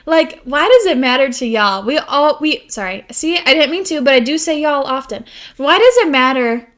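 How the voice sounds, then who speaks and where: A woman's voice: high-pitched, lively intonation, normal speed, fairly bright tone. A young woman co-hosting a podcast, chatting casually in a rambling, giggly way with lots of "like". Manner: rambling, giggly, heavy use of "like". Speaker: podcast co-host. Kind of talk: casual chat.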